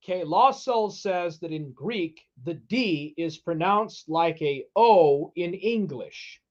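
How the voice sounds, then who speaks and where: High-voiced man reading chat, lo-fi. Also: slow pace. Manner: reads viewer chat aloud; loose, relaxed, with many fillers. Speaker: streamer. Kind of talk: casual livestream chat. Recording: dull lo-fi stream audio.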